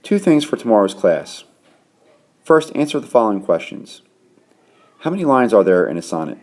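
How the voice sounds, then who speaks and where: A male teacher with a very low voice walks a class through poetic meter. He counts out the beats slowly and plainly, pausing on each one. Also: sing-song, a little mellow. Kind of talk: classroom lesson on poetry.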